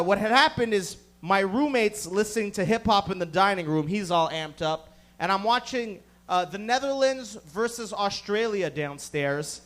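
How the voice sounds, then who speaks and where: A man's voice: sits high, fairly bright tone. A man in his thirties doing rowdy, profane stand-up storytelling on a comedy club stage. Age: 30s.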